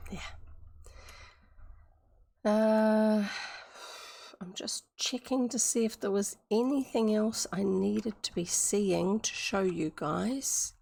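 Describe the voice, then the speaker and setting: A woman with a New Zealand accent reads a classic book aloud on a livestream, adding chatty asides and pausing to explain words. Her medium-pitched voice is steady, creaky and a little mellow, with drawn-out words and long pauses.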